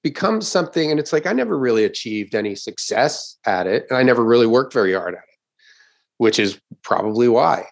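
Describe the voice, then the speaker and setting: Animated, profane male comedian telling a story. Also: mid-range voice, fairly quick, creaky. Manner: animated, swears often, acts out crowd reactions. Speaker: stand-up comedian. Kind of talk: casual storytelling chat.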